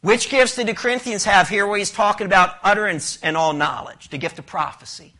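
Bright, high-voiced male preacher. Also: brisk. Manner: emphatic, rhetorical questions, quotes scripture. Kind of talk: expository sermon.

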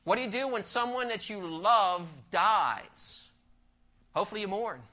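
A man's voice: high voice, measured pace, bright, forceful tone. A man preaching a sermon, emphatic, asking the congregation rhetorical questions and telling a story.

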